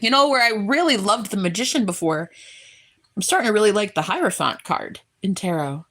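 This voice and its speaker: Woman, gravelly vocal fry, rambling, heartfelt personal vlog, halting restarts. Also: fairly low pitch, a bit bright. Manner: earnest and effusive.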